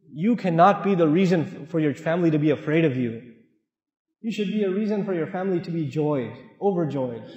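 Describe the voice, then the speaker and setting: A man with a high voice preaches to a congregation in an earnest, conversational way. His voice swings from loud emphasis to quiet asides. The long reverb of a big hall carries it, through dull, lo-fi sound. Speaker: Islamic speaker. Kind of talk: sermon to a mosque audience.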